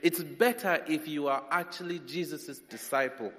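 Humorous preacher in a reverberant hall. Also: male voice, on the high side, normal speed. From Nigeria. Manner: humorous, animated, swings between loud and soft. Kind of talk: sermon.

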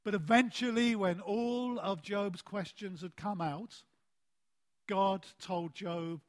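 Male preacher, high voice, unhurried sermon delivery; stresses key words and lets phrase endings drop soft, lifts his voice when he tells a story. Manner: deliberate, with emphatic phrase endings that fall soft; animated storytelling with a rising voice.

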